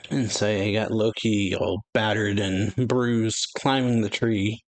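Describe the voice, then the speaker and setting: A man's voice: on the low side, fairly even intonation, measured pace, few pauses. A man casually reading through a manga chapter, reciting character lines with light emphasis and frequent fillers. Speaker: manga reaction host.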